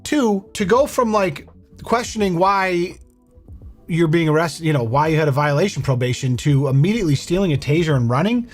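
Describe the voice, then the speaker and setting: Young guy chuckling through reaction commentary, lively voice bouncing up and down, bit of music behind. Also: on the high side, moderate pace. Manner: amused, wry, laughs often.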